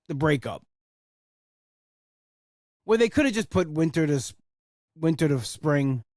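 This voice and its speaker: Man, podcast host, casual rambling chat, enthusiastic, slightly high voice, dry close sound. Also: darkish tone, dry recording. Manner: enthusiastic, rambling, swears for emphasis.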